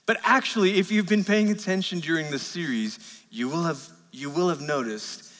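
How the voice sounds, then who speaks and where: A male pastor with a high, bright voice tells stories in his sermon in a chatty, self-deprecating way. His words ring out in a church hall with a long reverb. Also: expressive, a little fast. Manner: conversational storytelling with self-deprecating asides. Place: church sanctuary.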